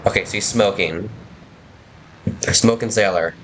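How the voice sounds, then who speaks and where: A man's voice: low voice, normal speed, fairly bright tone, slight background noise. A man playing a story game, reading its text aloud and commenting in a rambling, self-deprecating way. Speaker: game player. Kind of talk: let's play narration, reading and commenting.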